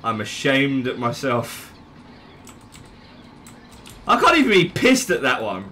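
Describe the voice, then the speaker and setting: A young man giving casual gameplay commentary, unhurried, swearing and laughing at his own plays. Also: medium pitch, huge pitch swings, sharp tone, a little hiss or hum. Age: young adult. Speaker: gaming channel host.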